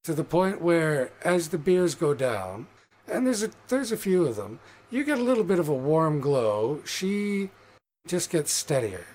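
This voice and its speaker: A man narrating a tabletop game as game master in a loose, profane, energetic way. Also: on the high side, unhurried.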